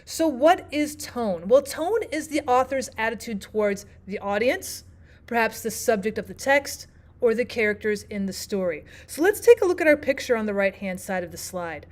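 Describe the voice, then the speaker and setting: A language arts teacher with a slightly high voice gives a literature lesson at a moderate pace. She explains every point clearly and keeps turning questions back to the listener in a steady classroom manner.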